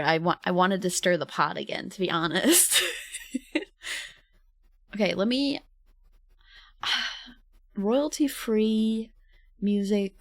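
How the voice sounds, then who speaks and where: Giggly unhurried woman streamer. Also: mid-range voice, fairly bright tone, dry recording, clean studio sound. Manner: giggly, rambling, chatting to viewers. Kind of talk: casual livestream chat.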